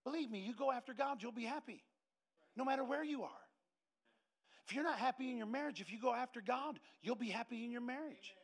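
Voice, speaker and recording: A middle-aged man, a pastor, preaching a sermon in a lively anecdotal way and acting out the voices of people in his stories. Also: very high voice, a little fast. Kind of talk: storytelling sermon.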